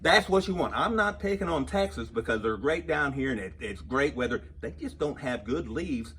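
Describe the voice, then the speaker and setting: Husky joking man, shop owner. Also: a little high, normal speed, few pauses. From United States. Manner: wisecracking, grows loud and excited then settles back down. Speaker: chrome shop owner giving a customer update. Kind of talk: joking ad-style monologue.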